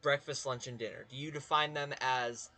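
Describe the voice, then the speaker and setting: A man's voice: medium pitch, fairly even intonation, moderate pace, pushed and bright. A man with a Southern US accent, chatting casually with his live-stream viewers, rambling and swearing as he talks to chat.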